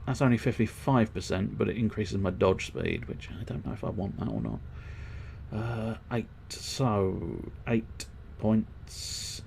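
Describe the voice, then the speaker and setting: Low-voiced man thinking aloud while gaming. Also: moderate pace, vocal fry, a little mellow, a little hiss or hum. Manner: thinks aloud while customizing, rambling and swearing. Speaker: streamer. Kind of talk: casual let's-play commentary.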